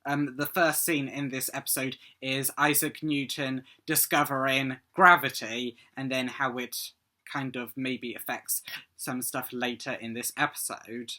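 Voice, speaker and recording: Bright-voiced man, hesitant breakdown talk. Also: mid-range voice, flat delivery, measured pace. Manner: hesitant, frequent ums. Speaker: fan video host. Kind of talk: casual episode breakdown commentary.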